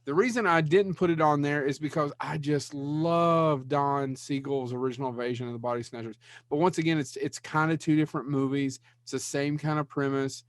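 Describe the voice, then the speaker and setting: A man's voice: on the high side, fairly even intonation, a little fast, few pauses, no echo. Rambling, profane man talking movies. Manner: rambling, swears, blanks on names. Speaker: podcast co-host. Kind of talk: casual movie chat.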